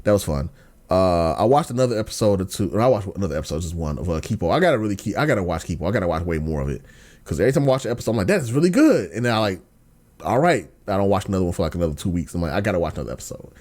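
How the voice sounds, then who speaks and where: Slangy, animated man ranting casually. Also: very fast. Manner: ranting, swings from low mumbles to excited outbursts; slangy, lots of fillers and restarts. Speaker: podcast host. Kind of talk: casual chat.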